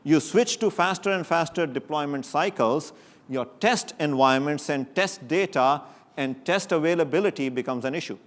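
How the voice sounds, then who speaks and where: A man giving a technical conference talk to an audience, lively and joking, often rising sharply for emphasis. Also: a little high, normal speed. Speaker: conference speaker. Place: conference stage before an audience.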